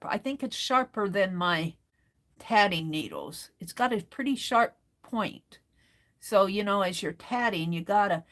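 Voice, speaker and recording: Slow, chatty woman crafting on a livestream. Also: mid-range voice, a bit bright. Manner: rambling, chatty, reads viewer comments aloud. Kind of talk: casual livestream crafting chat.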